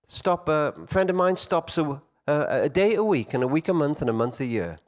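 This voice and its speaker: A middle-aged man speaks from a stage to a hall of men, his voice rising high and dropping low as he tells his stories. His pitch sits fairly high for a man and moves very freely. He swings between loud emphasis and near-hushed lines. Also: animated, moderate pace. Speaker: conference speaker. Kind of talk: storytelling talk to men.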